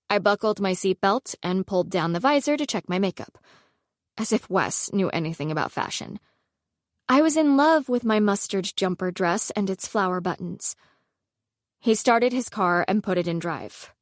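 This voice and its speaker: A young adult woman narrating a first-person audiobook with expressive storytelling. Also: lowish voice, normal speed, no echo, clean studio sound. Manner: expressive storytelling, voicing characters.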